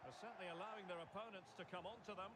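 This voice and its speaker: High-voiced male football play-by-play caller. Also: steady tone. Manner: measured, rising sharply on scoring chances. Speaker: play-by-play commentator. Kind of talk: scripted video game match commentary. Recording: game audio under loud noise.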